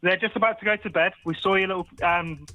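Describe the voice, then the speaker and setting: A man's voice: high-pitched, fairly even intonation, quick pace, narrow, tinny audio. A man calling a phone-in show from home, friendly and chuckling. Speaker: caller. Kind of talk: casual phone call.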